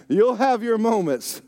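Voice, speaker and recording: A man pastor preaching a sermon with personal stories, animated, laughing often and dropping suddenly quiet for emphasis. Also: sits high, dry recording. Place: church sanctuary.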